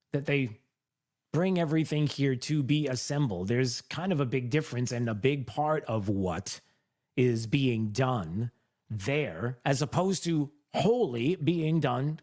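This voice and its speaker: A man's voice: mid-range voice, a little mellow. A male host giving sarcastic, mocking political commentary on a microphone.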